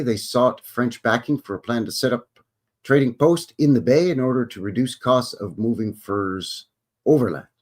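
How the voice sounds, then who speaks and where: A man's voice: medium pitch, a little mellow, breathy edge. A Canadian man hosting a live stream, reading history aloud with sarcastic, joking asides and greeting viewers. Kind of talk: casual commentary while reading aloud.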